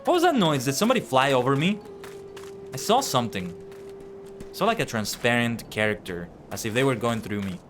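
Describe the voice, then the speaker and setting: Over background game music, a young man streams an online game and talks to his chat. His mid-range voice is sing-song and a little fast, and his commentary stays casual and chatty.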